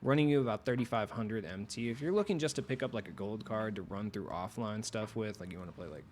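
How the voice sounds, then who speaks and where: A man's voice: lowish voice, fast talker, darkish tone, a little hiss or hum. A young man hosting a gaming video, talking loosely and casually with asides and fillers. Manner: joking opener in a mock radio voice, then loose rambling talk. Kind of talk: casual commentary.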